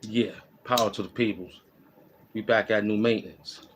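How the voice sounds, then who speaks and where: A man's voice: lowish voice, steady tone, normal speed, slight background noise. A man hosting a casual walking vlog, giving loose, repetitive, slangy street advice. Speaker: host. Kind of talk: rambling streetwise monologue. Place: outdoors in the cold.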